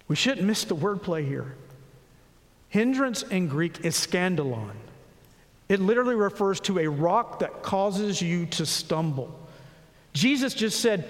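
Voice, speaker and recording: Male pastor, high voice, expressive sermon delivery, echoing sanctuary. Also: moderate pace. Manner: expressive preaching, acting out quoted voices. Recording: long hall reverb.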